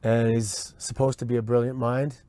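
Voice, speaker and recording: A man's voice: medium pitch, normal speed, dry recording. Man recounting a story in a dry interview. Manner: relaxed, with restarts. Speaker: interview guest. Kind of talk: casual interview.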